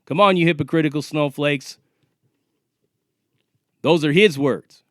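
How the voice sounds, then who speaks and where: A man in his forties delivers a combative, profanity-laced rant straight to the camera, calling out a rival. His voice sits high for a man, and the sound is dry and close, with no room around it. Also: measured pace, no echo. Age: 40s. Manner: confrontational, profane, taunting. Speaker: vlogger. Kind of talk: ranting monologue to camera.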